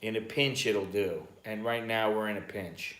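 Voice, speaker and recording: On the low side and a bit bright, this American guy's voice moves at a moderate pace as he chats aimlessly on a live stream and curses now and then. He's a vlogger at home in Bangkok, with echo filling the room.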